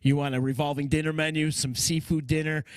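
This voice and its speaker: An enthusiastic man hosts a casual podcast chat and gives his sponsors shout-outs. His voice sits a bit high, and the sound is dry and close. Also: level tone, brisk, no room sound. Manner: enthusiastic, reads out sponsor plugs. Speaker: podcast host.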